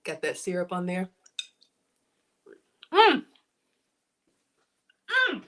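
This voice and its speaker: A woman's voice: fairly low pitch, fairly even intonation, moderate pace. A woman in her forties hosting a casual livestream, chatting to her viewers in a folksy way and calling them y'all. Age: 40s. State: out of breath. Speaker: livestream host.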